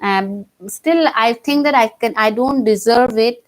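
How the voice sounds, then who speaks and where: A woman's voice: on the high side, measured pace. A woman teacher with an Indian English accent explaining a play line by line, with many fillers and restarts.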